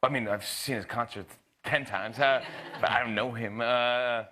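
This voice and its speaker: Animated man telling a story with restarts. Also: mid-range voice, a little hiss or hum. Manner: animated storyteller, quick impressions, frequent laughs and restarts. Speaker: late-night talk show host telling a story. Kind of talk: casual anecdote.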